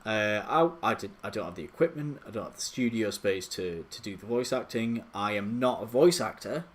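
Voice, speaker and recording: A man's voice: fairly low pitch, lively intonation, brisk. A man live streaming late at night from his home computer, rambling and self-deprecating, with lots of hesitant restarts. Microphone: desktop USB microphone.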